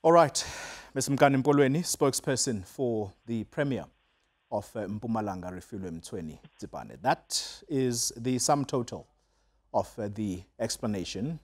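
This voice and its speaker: Probing South African news anchor. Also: male voice, medium pitch, animated, a little slow. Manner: pressing, skeptical questioning. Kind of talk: live television interview.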